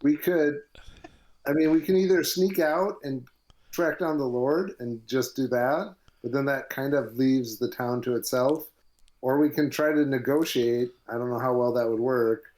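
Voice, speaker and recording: A man's voice: medium pitch, fairly even intonation, moderate pace, a little mellow, rough recording. A man playing in a tabletop game, hesitant and weighing options aloud. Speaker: player. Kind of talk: casual tabletop game chat.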